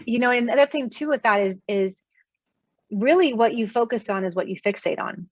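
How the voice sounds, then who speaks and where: This woman, also in her thirties, is a guest author in a relaxed podcast interview. Her fairly high voice moves at a fairly quick clip, her earnest storytelling is full of fillers, and the audio is dry and dull.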